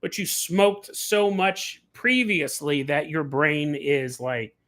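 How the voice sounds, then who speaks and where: A man hosting a casual livestream, telling animated stories, acting out the people he quotes and laughing often. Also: fairly high pitch, slow pace. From California. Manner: laughs often mid-sentence. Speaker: podcast host.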